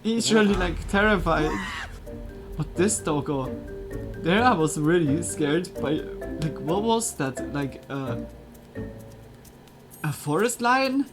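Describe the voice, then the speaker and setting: Chatty streamer guy with a fairly high voice. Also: animated, slow pace, pauses often, music in the background. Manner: chatty, filler-heavy, slightly broken English. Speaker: streamer reacting to videos. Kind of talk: casual reaction commentary. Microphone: USB desk microphone.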